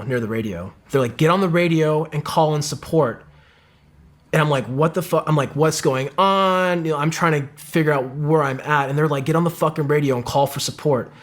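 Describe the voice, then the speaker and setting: A middle-aged man, a former Marine sniper, telling a vivid combat story in casual talk, with lots of swearing and acted-out quotes. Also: medium pitch. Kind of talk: casual war story in an interview.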